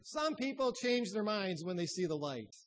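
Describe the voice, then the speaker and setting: High-pitched guy preaching, tells stories, goes quiet and soft a lot. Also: very animated, moderate pace, low-quality recording. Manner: storytelling preacher who drops to hushed tones. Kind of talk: sermon.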